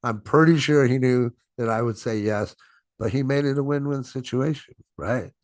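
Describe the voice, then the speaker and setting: A man's voice: medium pitch, normal speed, dry recording. A middle-aged man presenting a sales webinar as a coach, stressing and stretching his words and often asking "right?". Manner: emphatic, repeats "right?" and "my friends". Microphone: video call.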